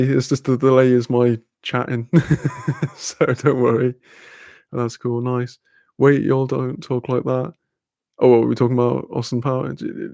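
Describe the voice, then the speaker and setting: Gravelly British man chatting casually. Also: mid-range voice, a little mellow, no echo. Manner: rambling, swears freely, laughs often. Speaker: streamer chatting with viewers. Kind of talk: casual live-stream chat.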